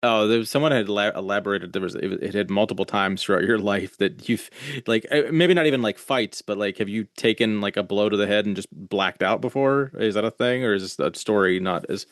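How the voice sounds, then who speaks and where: A podcast host who jokes his way through rambling questions to his guest. His voice sits a little low, and the sound is close and dry with no room echo. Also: brisk, few pauses. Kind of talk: casual interview chat.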